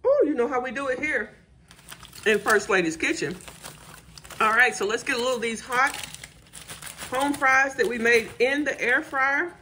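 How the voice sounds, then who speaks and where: Tasting her dishes on her cooking channel, a high-voiced woman hums, exclaims and talks to viewers with exuberant, bright, forceful energy. She moves at a moderate pace with long pauses in this casual vlog, and there's slight background noise.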